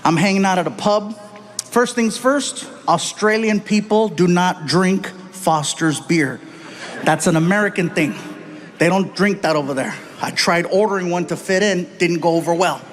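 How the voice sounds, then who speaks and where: A man telling stand-up stories on stage in an animated way, acting out the people in them. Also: high-pitched, moderate pace. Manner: animated, jumps into voices for the people in his stories. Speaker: stand-up comedian. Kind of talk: stand-up storytelling. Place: large theater stage before a laughing audience.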